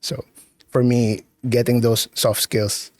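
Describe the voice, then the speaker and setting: A man from the Philippines with a Filipino accent, a podcast guest talking earnestly and haltingly, often repeating words as he goes. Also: medium pitch, little pitch movement, no room sound, studio quality. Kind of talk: casual interview chat.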